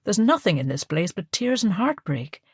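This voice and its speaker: A woman voicing a kindly, gentle male photographer in an audiobook, soothing and cajoling. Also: medium pitch, sing-song, normal speed, slightly rough, dry recording, studio quality.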